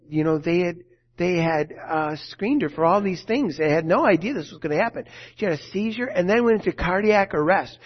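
A man preaching a sermon, earnest, shifting from loud emphasis to hushed, quiet lines. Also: a little high, lo-fi sound.

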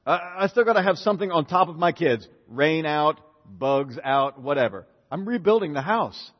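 Animated pastor man in a hall. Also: a little high, moderate pace. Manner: animated, questions the congregation, acts out prayers. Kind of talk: sermon. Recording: dull reverberant hall.

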